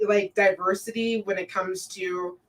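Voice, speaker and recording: A woman's voice: mid-range voice, big pitch swings, unhurried, recorded from a distance, low-quality recording. A woman from Colorado hosting a podcast, talking animatedly in casual conversation, laughing and swearing freely. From Colorado, USA. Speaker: podcast host.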